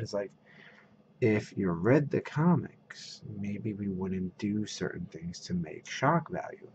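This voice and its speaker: A man's voice: on the low side, animated, slow pace, a little mellow, highs cut off, slight background noise. A man vlogging a casual rant to camera, retelling conversations with quoted voices.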